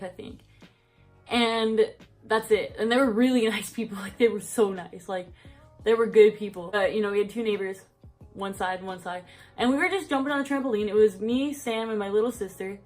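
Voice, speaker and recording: A woman's voice: mid-range voice, moderate pace, a little mellow, soft background music. A young woman telling a story on her vlog in casual chat, rambling with lots of fillers and a bit out of breath. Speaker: vlogger.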